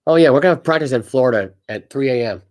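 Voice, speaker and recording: Brief: male podcast co-host, mid-pitch voice, animated sports rants, stumbles over read-aloud news. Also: rapid-fire. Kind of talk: casual sports talk.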